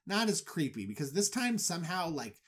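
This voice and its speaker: An animated podcast host tells an old story as broad comedy. The voice swings high and low and drops jokey asides. Mid-pitched and playful. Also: fairly quick. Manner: animated, goofy, full of asides. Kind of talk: comic retelling of a Bible story.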